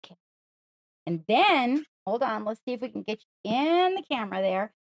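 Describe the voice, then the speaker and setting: A woman hosts a casual live stream, her voice sitting a little high and swooping up and down as she talks to her pet. She coaxes and praises in a playful sing-song way. The sound is dry, with no room echo. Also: big pitch swings, moderate pace.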